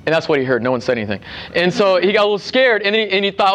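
A man's voice: high voice, animated, very fast, a bit bright. A young man giving a casual sermon to a youth group, chatty, with restarts and asides. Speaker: youth speaker.

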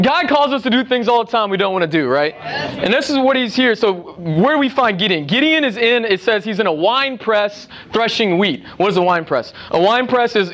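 High-voiced young man giving a casual sermon. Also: fairly bright tone. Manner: chatty, with restarts and asides. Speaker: youth speaker.

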